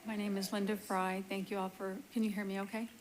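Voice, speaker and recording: A woman speaking as an appellant at a public hearing, earnest and apologetic, talking in a hurried way into a meeting-room microphone. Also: mid-range voice, little pitch movement, a little hiss or hum, low-quality recording. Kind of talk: testifying at a hearing.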